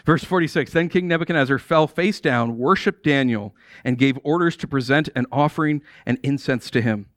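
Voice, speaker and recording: An American man preaching a sermon as pastor, conversational and animated, with casual asides. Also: mid-range voice, a little fast, no room sound, studio quality.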